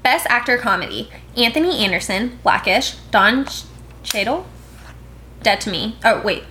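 A young woman co-hosting a casual podcast, breezy, reading a list of names with quick asides. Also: on the high side, animated, noisy background. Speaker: podcast co-host.

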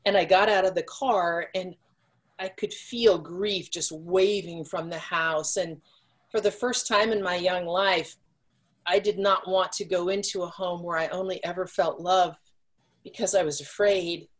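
A woman sharing her personal faith testimony as a guest, telling her story earnestly and speeding up at the tense moments. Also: on the low side.

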